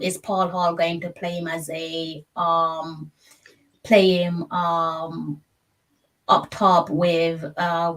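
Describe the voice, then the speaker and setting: A woman co-hosting a casual sports chat, making her case in a measured, argumentative way. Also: on the low side, far from the mic. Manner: measured, argumentative, explains her point at length. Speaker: co-host.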